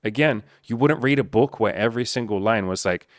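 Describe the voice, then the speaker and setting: A man's voice: mid-range voice, fairly quick, no room sound, clean studio sound. A man speaking as a dating coach in a blunt, profane, emphatic motivational monologue.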